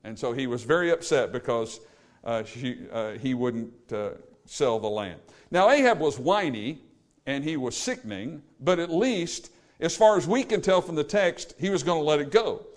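A man's voice: fairly high pitch, lively intonation, moderate pace. A man preaching a sermon in a blunt, folksy way, with asides to the congregation. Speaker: pastor.

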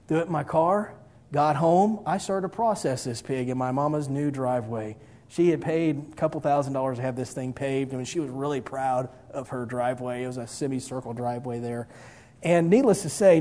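A man's voice: on the high side, dark tone. A middle-aged man, telling a folksy, self-mocking personal story with a moral.

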